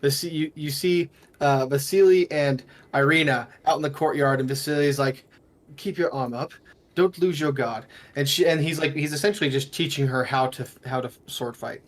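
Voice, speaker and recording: A man running a tabletop game as game master, narrating in a loose, halting way with frequent restarts, over voice chat from home. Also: on the high side, fairly even intonation.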